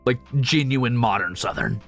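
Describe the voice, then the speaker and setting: A man streaming casually, chatting with his viewers with quick asides and swearing. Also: medium pitch, a bit bright, soft background music. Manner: casual, quick asides and profanity, shows off vocal range. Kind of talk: casual chat with chat readers.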